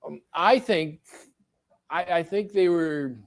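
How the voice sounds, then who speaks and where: A man's voice: on the high side, slow, slight background noise. A middle-aged man, a professor, giving a casual classroom lecture, asking the class questions and joking along the way.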